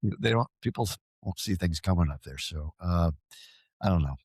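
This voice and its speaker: A man's voice: deep voice, expressive, moderate pace, darkish tone, breathy edge, no room sound. A man talking as a guest on a podcast, rambling and earnest, often stammering and restarting. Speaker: podcast guest, paranormal field researcher. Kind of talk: casual podcast conversation.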